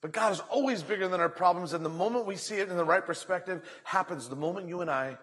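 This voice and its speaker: A male pastor giving a lively, conversational sermon in a church sanctuary. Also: high-pitched, fast talker.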